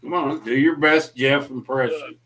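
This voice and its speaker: A man's voice: mid-range voice, steady tone, normal speed, fairly bright tone. A man chatting as a guest on a late-night livestream, joking and ribbing the host. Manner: joking, teasing, playful. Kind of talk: casual late-night chat.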